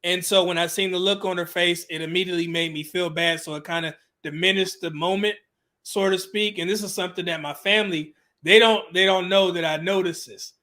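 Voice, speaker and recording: A man with a high, bright voice tells a candid personal story as an interview guest. He talks casually and loosely, with plenty of filler words and the odd curse word. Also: steady tone, a little fast. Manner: casual, with frequent "you know" fillers and swearing.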